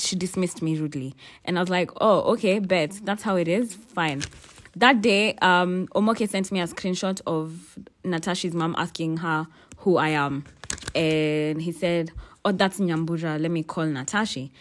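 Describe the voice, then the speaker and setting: Young woman podcast host, lowish voice, candid, cussing storyteller. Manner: ranting, profane, exasperated asides; frequent fillers and restarts.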